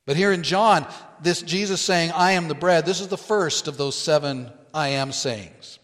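A man preaching a sermon as pastor, teaching slowly and deliberately and stressing quoted phrases. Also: a little high, a bit bright, long reverb tail.

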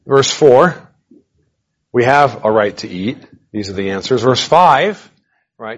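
A man giving a verse-by-verse Bible teaching, animated and emphatic, with casual conversational asides. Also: mid-range voice, slow, long pauses.

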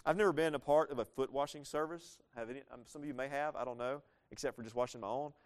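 Man preaching an animated sermon. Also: medium pitch, quick pace. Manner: animated, asks the congregation questions, acts out quoted lines. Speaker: pastor.

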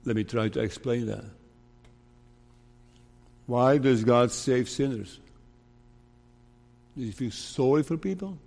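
A man preaching a sermon as pastor, deliberate and emphatic, asking his listeners rhetorical questions. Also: medium pitch, creaky, darkish tone. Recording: long reverb of a large hall.

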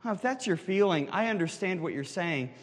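A man's voice: high-pitched, animated, brisk, long reverb tail. A man, a pastor, preaching a sermon earnestly and asking the congregation rhetorical questions.

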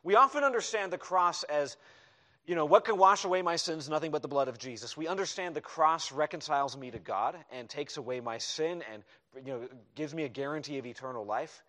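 Emphatic male preacher with a higher voice. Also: a little fast. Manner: emphatic preaching with sudden soft asides. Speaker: pastor. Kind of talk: sermon. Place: church hall.

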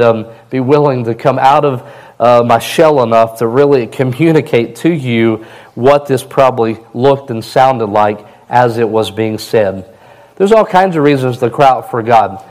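A man preaching a sermon in a plain, conversational way, his voice a little hoarse. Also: mid-range voice, a little mellow, poor audio. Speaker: pastor.

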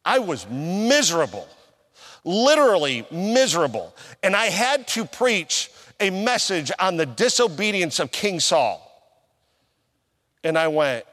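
A male pastor preaching a sermon, telling a personal story and acting out his own past conversations, with swings from loud emphasis down to near-whispers. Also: high-pitched, sing-song, unhurried, big-room sound.

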